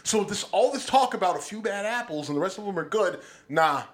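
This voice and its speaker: Guy with a kinda higher voice, cussing a lot, fired up in a studio podcast chat. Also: lively intonation, fairly quick, a bit bright. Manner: blunt and profane, heated. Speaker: podcast co-host. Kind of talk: casual chat.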